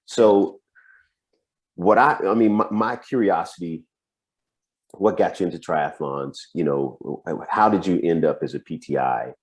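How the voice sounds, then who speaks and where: A man's voice: low voice, unhurried. A man, a coach, chatting casually over a video call, musing and laughing between points. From United States.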